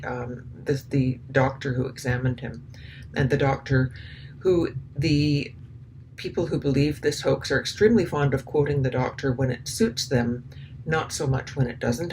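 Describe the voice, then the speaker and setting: Commentator, spoken commentary, hesitant, halting restarts, indignant asides, faint background hiss. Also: medium pitch, a little mellow, poor audio. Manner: hesitant, many ums and restarts.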